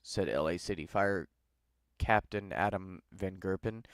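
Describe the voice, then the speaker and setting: Man podcast host, lowish voice, dry close sound, casual news reading, sarcastic asides. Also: dry recording. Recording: live with no editing.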